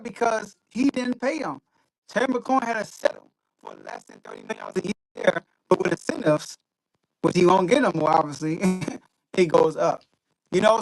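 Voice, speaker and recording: A man's voice: high-pitched, dry recording, rough recording. Blunt emphatic man on a glitchy call. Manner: blunt, emphatic, repeats points. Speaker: sports show host. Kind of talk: casual sports talk. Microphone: video call with glitchy audio.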